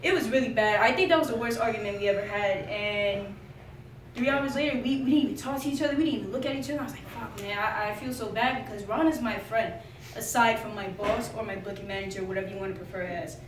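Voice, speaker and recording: A woman's voice: mid-range voice, fast talker. Laughing woman telling stories from far off. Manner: laughing, candid, profane storytelling. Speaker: eulogy speaker. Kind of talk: casual spoken tribute. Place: memorial gathering room. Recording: roomy hall from far off, noisy.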